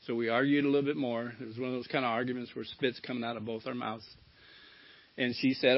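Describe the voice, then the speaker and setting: A man's voice: mid-range voice, flat delivery, quick pace, dry recording. A middle-aged man giving a candid personal share at a recovery meeting, swearing casually as he tells his story. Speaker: recovery speaker. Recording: dull lo-fi talk recording.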